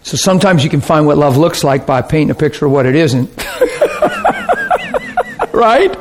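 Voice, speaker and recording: A man pastor giving an informal teaching talk, telling stories in an animated way and laughing often. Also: a little high, normal speed, background noise.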